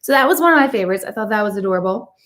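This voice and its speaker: A woman's voice: mid-range voice, expressive, very fast, a bit bright, slight background noise. Woman, middle-aged, talkative, blunt, candid, casual live chat to viewers. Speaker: intuitive life coach.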